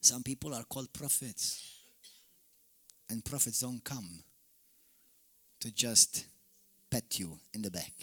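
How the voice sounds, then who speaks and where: A man from Malta preaching a fiery sermon as pastor, swinging from shouted peaks to sudden quiet drops. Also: mid-range voice, slow, long pauses, slightly rough. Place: church hall.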